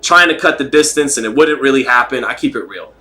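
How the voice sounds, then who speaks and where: A man hosting a casual livestream, rambling, joking and reading chat comments out loud. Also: medium pitch, fast talker. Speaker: livestream host.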